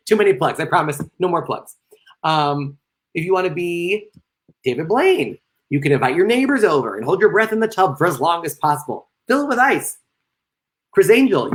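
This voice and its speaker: A man delivering a lecture over a live stream, mixing advice with quick self-aware jokes. He reads audience comments aloud and answers them on the spot. His voice leaps upward in pitch whenever he lands a playful aside. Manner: joking asides, sudden playful jumps in pitch. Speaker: lecturer and comedian.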